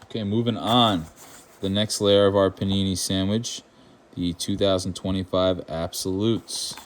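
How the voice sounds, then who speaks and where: A man's voice: low voice, fairly even intonation, measured pace, slight background noise. A man born in Ireland, hosting his own channel, chatting casually and wryly as he opens trading card packs, with rambling asides and mock outrage. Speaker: card-opening channel host. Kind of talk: casual card-opening commentary.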